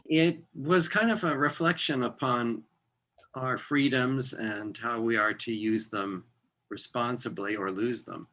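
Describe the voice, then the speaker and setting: Bright-voiced man sharing in a meeting. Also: mid-range voice, a little slow. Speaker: club member in a meeting. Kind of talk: casual meeting remarks.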